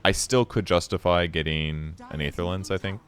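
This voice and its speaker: A man giving casual replay commentary on his own game, relaxed and self-critical as he explains his choices. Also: deep voice, normal speed.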